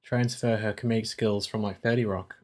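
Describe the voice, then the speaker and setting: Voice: medium pitch, steady tone, fairly quick, a little mellow. A podcast co-host in casual film review chat, talking with dry, wry humor.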